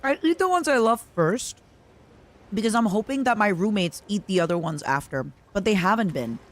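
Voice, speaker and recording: A woman's voice: mid-range voice, expressive, normal speed. A young woman streaming a video game, chatting in a rambling, casual way and answering her viewers. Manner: rambling, chatty, reads out chat messages. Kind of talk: casual chat while playing a video game.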